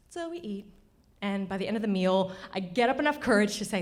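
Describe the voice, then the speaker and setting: A woman's voice: a little high, very animated, quick pace. A woman telling a true story on stage before a live audience, wry and confiding. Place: stage of a cultural center.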